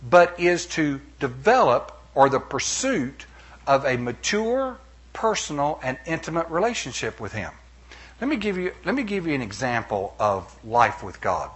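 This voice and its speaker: A middle-aged man preaching a sermon as pastor, animated, with playful asides and acted-out quotes. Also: fairly high pitch, normal speed, breathy edge.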